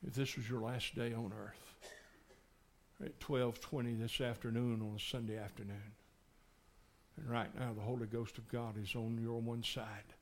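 A man in his sixties preaching a passionate sermon, shouting one moment and pleading quietly the next. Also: mid-range voice, level tone, moderate pace, a little hiss or hum. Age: 60s. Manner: impassioned, swings from shouting to hushed pleading. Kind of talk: revival sermon.

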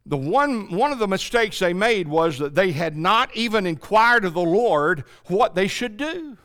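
A man preaching a sermon, telling a story dramatically and swinging between shouts and hushed low tones, calling out to the congregation. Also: lively intonation, a little slow, hardly any pauses. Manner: calls to the congregation for responses.

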